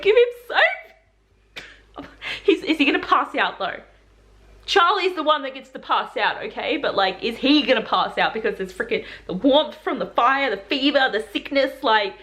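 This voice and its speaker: A young woman in a casual reaction vlog, excitable and gushing about what she is watching, laughing often. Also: on the high side, vocal fry. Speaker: book vlogger.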